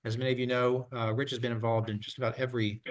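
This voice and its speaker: A man with a mid-range voice runs a community meeting in a friendly, halting manner. He thanks the speakers and introduces the next guest, leaning on frequent fillers. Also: medium pitch, level tone. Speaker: meeting chair.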